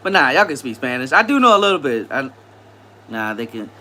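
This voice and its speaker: Chill guy w/ on a live stream, bright voice, pitch all over the place, laughing with chat. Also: very animated, brisk. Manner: laid-back slangy banter, laughs often.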